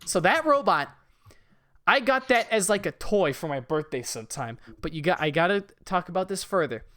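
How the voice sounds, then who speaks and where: A young man hosting a casual podcast, telling a childhood story with animated, profane energy and laughter. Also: sits high, moderate pace. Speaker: podcast host.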